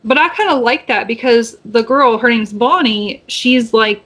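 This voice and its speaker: A woman's voice: a little slow, fairly bright tone. A woman co-hosting a podcast, recapping a movie in casual, rambling chat full of fillers and restarts. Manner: acts out quoted lines with raised pitch. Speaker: podcast co-host.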